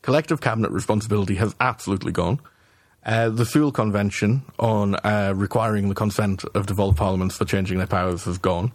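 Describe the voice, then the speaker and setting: A man co-hosting a casual political podcast, talking in halting restarts and swearing as he builds his argument. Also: on the low side, no room sound. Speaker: podcast co-host.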